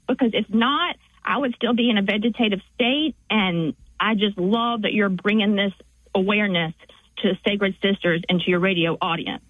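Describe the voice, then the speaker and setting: A woman's voice: fairly high pitch, dry recording. Southern woman caller on a tinny phone line. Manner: halting, restarts often. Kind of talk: call-in phone conversation.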